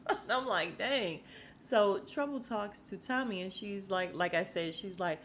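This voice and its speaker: Animated and mid-range, this woman's voice moves at a measured pace over slight background noise. Hosting a casual podcast, she recaps a TV episode and retells scenes in quoted voices.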